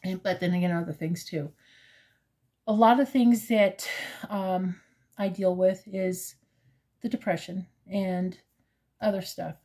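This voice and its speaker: A woman in her fifties, talking in a casual personal vlog with a hesitant, halting manner full of fillers, earnest and openly emotional. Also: lowish voice, fairly even intonation, dark tone. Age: 50s. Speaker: crochet vlogger.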